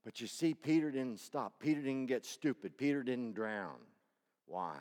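Man preaching with dramatic loud-soft swings. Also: expressive, moderate pace, big-room sound. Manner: dramatic swings from loud cries to hushed low tones. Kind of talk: sermon.

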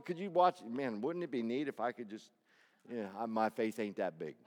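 A man preaching a sermon to a congregation, swinging between loud cries and hushed low tones. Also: moderate pace, long reverb tail.

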